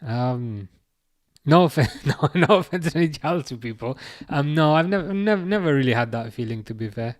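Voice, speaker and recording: A man's voice: on the high side, expressive, moderate pace, dry recording, clean studio sound. A man hosting a casual football livestream, reading out viewer comments and answering them, hesitant and full of fillers and restarts. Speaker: livestream host.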